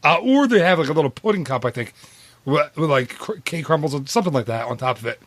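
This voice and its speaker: A man's voice: a little high, expressive, quick pace, no room sound. Chatty dude-saying man, dry sound. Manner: chatty, rambling, says "dude" often. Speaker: podcast co-host. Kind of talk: casual podcast chat.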